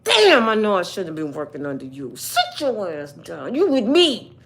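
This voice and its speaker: A woman's voice: mid-range voice, wildly swooping pitch, normal speed, fairly bright tone, pitched below the performer's own voice. A woman imitating a furious, bossy woman politician who scolds and curses at someone. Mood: scolding. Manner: curt and cussing.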